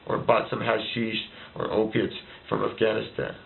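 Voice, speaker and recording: Gravelly man ranting over a tinny line. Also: on the low side, completely flat delivery, moderate pace, a little hiss or hum. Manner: heated, repetitive rhetorical questions. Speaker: vlogger ranting to camera. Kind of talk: angry political rant. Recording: tinny phone-like lo-fi recording.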